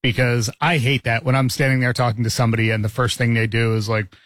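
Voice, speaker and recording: A man's voice: medium pitch, flat delivery, fast, fairly bright tone, dry recording, clean studio sound. A man in his forties co-hosting a casual podcast, easygoing and telling little stories about himself. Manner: easygoing, storytelling. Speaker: co-host.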